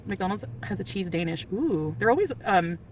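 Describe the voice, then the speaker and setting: A woman's voice: mid-range voice, expressive, moderate pace, a little mellow, far from the mic, slight background noise. A woman livestreaming in a chatty, rambling way, giggling and answering her chat. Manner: rambling, giggly, jumps between topics. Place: on the go, partly in a store.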